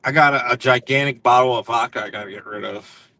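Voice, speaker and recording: A man with a bright, forceful voice talks in a loose, rambling way, laughing at his own stories. This is casual chat on a live stream, where he is one of the guests. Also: mid-range voice, fast talker, dry recording.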